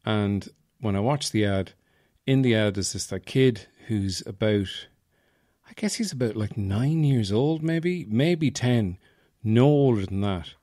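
A man's voice: lowish voice, expressive, unhurried, warm tone, no room sound, clean studio sound. An Irish man hosting a podcast, telling stories in a rambling, wry, self-mocking comic monologue. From Ireland, Offaly. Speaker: podcast host.

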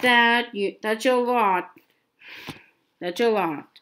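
Woman reading a bullying angry uncle, slow, keeps repeating words. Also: fairly high pitch, a bit bright. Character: furious bullying middle-aged uncle. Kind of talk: reading a novel aloud.

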